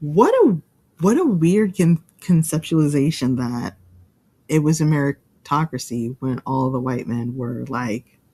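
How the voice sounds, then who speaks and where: A woman in relaxed podcast chat with a husky, breathy voice. She speaks slowly with lively rises and falls, teasing her co-host. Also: deep voice. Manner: laughs often, slow and teasing. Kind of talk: casual chat.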